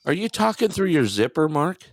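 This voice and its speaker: A man's voice: fairly high pitch, very animated, moderate pace, creaky, dry recording. A man hosting a joking call-in panel, teasing the guests and pushing them to do impressions. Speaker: host of a call-in panel show.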